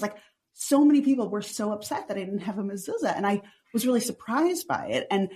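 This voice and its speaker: A woman's voice: mid-range voice, a little fast. A woman, chatting as a podcast guest and saying "like" constantly. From Long Island, New York. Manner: says "like" constantly, chatty and animated. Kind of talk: casual chatty interview.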